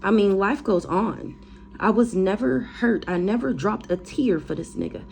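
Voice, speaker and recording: A woman's voice: medium pitch, moderate pace, vocal fry, a little mellow, a little hiss or hum. A woman tarot reader ranting casually, blunt, defiant and profane, repeating phrases for emphasis.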